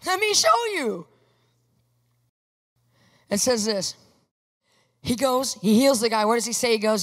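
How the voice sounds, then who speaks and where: A woman preaching a sermon in an emphatic, animated way, asking her listeners questions. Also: a little high, measured pace, pauses often, big-room sound.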